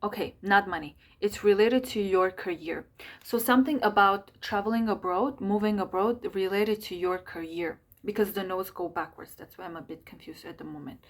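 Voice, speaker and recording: Hurried woman reading astrology, lots of fillers. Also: mid-range voice. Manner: hurried, full of fillers and self-corrections. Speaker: astrologer giving monthly sign readings. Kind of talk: casual rushed talk to camera.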